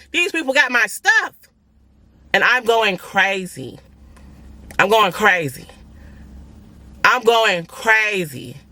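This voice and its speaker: Blunt, animated woman telling a story. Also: medium pitch, dry recording. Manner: animated, blunt and profane, talking straight to viewers. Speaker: family vlogger. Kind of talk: emotional personal storytelling.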